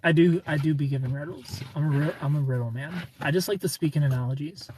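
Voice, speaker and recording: A man's voice: fairly high pitch, fast, darkish tone, a little hiss or hum. A man from Ohio hosting a live stream, chatting casually, greeting viewers by name and laughing often.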